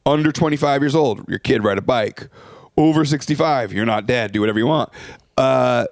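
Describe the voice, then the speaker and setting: Brief: man, comic and podcast co-host, mid pitch, dry close mic, deadpan quips. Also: creaky, no room sound. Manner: dry joking, quick comic asides. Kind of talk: casual chat.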